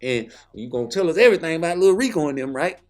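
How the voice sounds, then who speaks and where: A man voicing a pushy male police detective with a brisk, coaxing manner. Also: fairly high pitch, expressive, darkish tone, voice pushed up, lightly acted.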